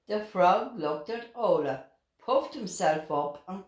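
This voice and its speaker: An older woman reads a children's story aloud, slowly and expressively, with a voice that rises and falls a great deal. The recording sounds roomy, with a clear echo around her. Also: medium pitch. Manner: slow and expressive, with lively voices. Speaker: grandmother reading to children. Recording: roomy echoing room.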